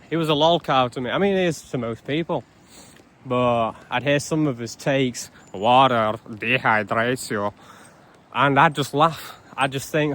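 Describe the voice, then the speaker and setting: A man's voice: a little high, noisy background. A young man ranting in a casual vlog, blunt and sarcastic with heavy swearing. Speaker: vlogger.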